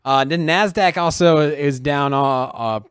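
A man's voice: fairly high pitch, unhurried, fairly bright tone, smooth, dry recording, studio quality. A man co-hosting a podcast in casual chat, talking markets in a loose, slangy way. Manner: loose, laid-back, slangy. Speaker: podcast co-host.

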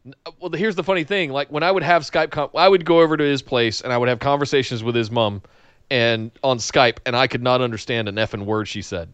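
A man's voice: medium pitch, fast, fairly bright tone, clear, resonant tone, dry recording. A man co-hosting a podcast, chatting casually and animatedly, often stumbling and laughing. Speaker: podcast co-host. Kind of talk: casual chat.

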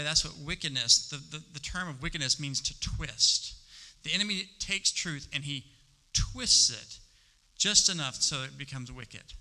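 A middle-aged man preaching a sermon, stressing some words loudly and dropping to a hush on others. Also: a little high. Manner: emphatic, swings between loud stresses and hushed asides. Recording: long reverb of a large hall.

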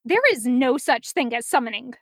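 A woman voicing a sharp-tongued young heroine who snaps back sarcastically. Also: on the high side, lively intonation, moderate pace, no room sound, clean studio sound. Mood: sarcastic. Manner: snapping, sarcastic. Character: sharp-tongued young female archer, quick to correct.

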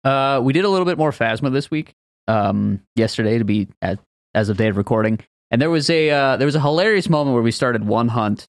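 A male podcast co-host recounting his week in a relaxed, filler-laden way. His voice sits at an average pitch, recorded dry and close. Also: a little fast, dry recording. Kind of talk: casual group chat.

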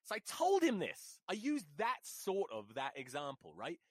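A man's voice: high voice, moderate pace, no room sound. Male podcast host, swears constantly, voice leaps up and down, dry close mic. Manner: profane, animated storytelling. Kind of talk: solo podcast rant.

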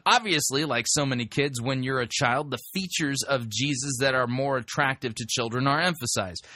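Bright-voiced male talk radio host. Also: medium pitch, normal speed, no room sound. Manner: conversational, emphatic, many restarts.

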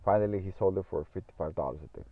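A man's voice: deep voice, expressive, racing, vocal fry, dry recording. A man telling a story in a casual monologue, rambling, repeating himself and swearing often. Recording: tinny phone-like audio.

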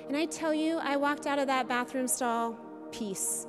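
A woman preaching a sermon, her high voice carrying an earnest, conversational warmth of address. Her words ring out with a long reverb in a church hall. Soft music plays faintly beneath her. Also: measured pace. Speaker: pastor. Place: church sanctuary.

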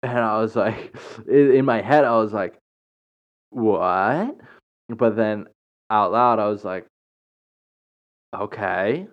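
Speaking at a normal pace in a steady, lowish voice, a man hosting a podcast rambles casually through a story. He fills it with fillers, restarts and little chuckles. The lo-fi recording sounds dull.

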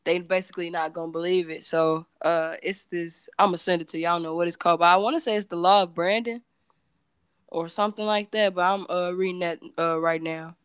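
Smooth-voiced woman chatting candidly. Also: lowish voice, fairly even intonation, fairly quick, a bit bright, no echo. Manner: rambling, loose and candid, with many fillers and self-corrections. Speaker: podcast guest, entrepreneur and singer. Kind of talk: casual chat.

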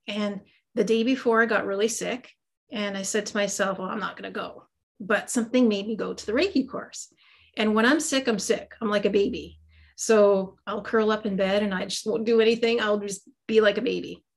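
This interview guest is a middle-aged woman who works as a psychic medium and Reiki master. She speaks briskly in a gravelly, medium-pitched voice with fairly even intonation, chatting about her life casually, self-deprecatingly and with lots of fillers.

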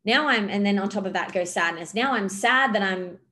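A woman's voice: medium pitch, a little fast, sharp tone. A woman coaching on a podcast, talking loosely with many fillers and describing gestures as she goes. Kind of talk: podcast monologue.

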